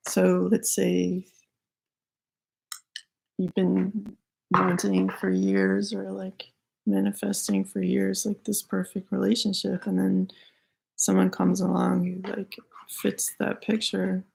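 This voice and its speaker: A woman giving a casual spiritual reading to viewers, hoarse as she loses her voice, rambling loosely with lots of fillers. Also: medium pitch, completely flat delivery, takes it slowly, darkish tone, poor audio. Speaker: spiritual reader.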